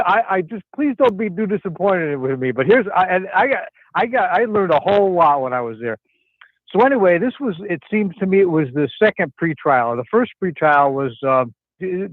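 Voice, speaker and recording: Here a caller from Connecticut chats casually on a talk show, winding through a story with plenty of restarts. His high voice is very animated and brisk. The sound is dry and thin, typical of a phone line.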